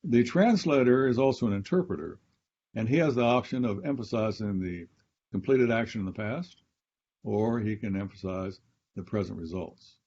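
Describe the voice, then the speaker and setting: A man's voice: lowish voice, normal speed, a little mellow, muffled recording. A man, a Bible scholar and professor, explaining grammar step by step in a teaching conversation and repeating key phrases.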